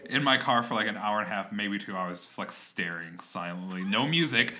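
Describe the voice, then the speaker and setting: A young man co-hosting a podcast in casual chat, laughing often and breaking into loud bursts as he tells stories. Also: lowish voice, brisk. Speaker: podcast co-host.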